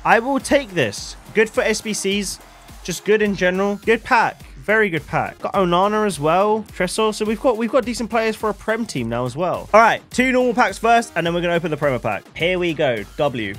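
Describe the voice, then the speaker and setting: A young man commentating on his own video game as a streamer, with bursts of shouting hype and quiet muttered asides. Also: high-pitched, expressive, brisk, faint music behind. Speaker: gaming streamer.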